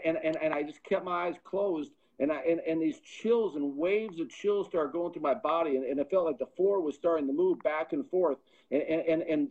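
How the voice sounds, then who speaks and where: A man's voice: on the high side, darkish tone. A middle-aged man, a podcast guest, earnestly telling a personal testimony and often repeating words as he builds momentum. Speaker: podcast guest, pro football scout. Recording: dull lo-fi sound.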